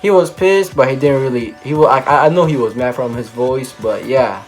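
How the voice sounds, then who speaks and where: A man's voice: mid-range voice, brisk, faint music behind. A young man telling a casual storytime monologue for his vlog, rambling with lots of "like" and "and stuff". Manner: rambling, full of "like" and "and stuff", restarts. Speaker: vlogger.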